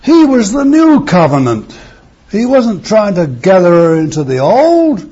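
Slow, husky man preaching a sermon. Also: sits high, huge pitch swings, warm tone, highs cut off. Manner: emphatic, with rhetorical questions and sudden raised bursts. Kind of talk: expository sermon.

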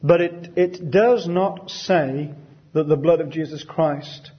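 A man leading a Bible study, reading verses slowly and deliberately and then explaining them conversationally. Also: fairly high pitch, husky, dull audio.

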